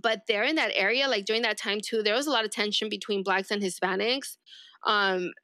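A woman's voice: mid-range voice, steady tone, a little fast, bright, forceful tone, no room sound, studio quality. A young woman from East Los Angeles, a sheriff's deputy telling her story casually in an interview, rambling with lots of "like". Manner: rambling, heavy use of "like", acts out quoted remarks.

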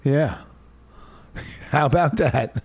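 A man's voice: medium pitch, very slow, breathy edge, no room sound. A man who hosts radio, arguing casually with his wife and retelling events with lots of repetition. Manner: animated storyteller, repeats himself. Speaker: radio host. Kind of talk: casual couple argument on a podcast.

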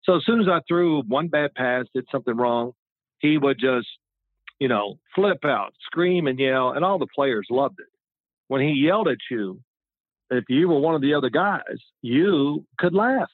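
A man's voice: mid-range voice, animated, normal speed, dry recording. A man in his sixties, a former quarterback and guest, telling rambling, chatty stories in a casual interview. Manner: rambling, chatty, with frequent restarts. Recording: tinny phone-like line, dry.

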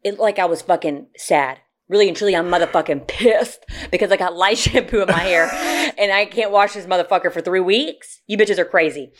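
A woman co-hosting a casual podcast chat, telling stories in an animated, profane way. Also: on the low side, fairly quick. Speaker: podcast co-host.

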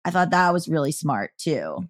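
A woman hosting a podcast, chatting casually and telling lively stories with quoted dialogue. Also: low voice, moderate pace, no echo, clean studio sound. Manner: chatty, animated storytelling with quoted voices. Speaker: podcast host.

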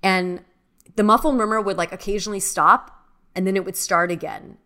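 Bright-voiced woman telling a story. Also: medium pitch, fairly quick. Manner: animated storyteller, many fillers. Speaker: podcast co-host. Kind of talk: casual storytelling chat.

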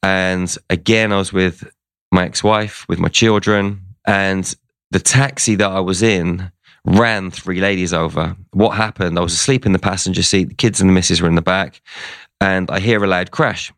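Male interview guest, low voice, dry close sound, chatty storyteller who acts out the lines people said. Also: fairly even intonation, moderate pace, fairly bright tone, no room sound. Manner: conversational, retells events with quoted dialogue.

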